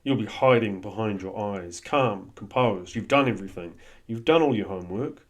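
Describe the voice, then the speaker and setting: A man's voice: on the low side, normal speed. A man giving a blunt, coaching-style talk that is peppered with swearing. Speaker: host. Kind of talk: motivational monologue.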